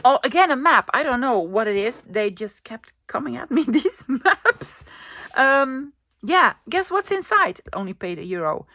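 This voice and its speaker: A woman's voice: on the high side, sing-song, moderate pace, sharp tone. Chatty woman vlogger. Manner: chatty, enthusiastic, thinking aloud. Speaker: craft vlogger. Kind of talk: casual show-and-tell vlog.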